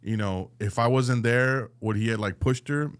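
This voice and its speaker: A podcast co-host with a medium-pitched, clean voice at a moderate pace tells a profane comedic story. He's animated and performs every voice in it, playing both sides himself.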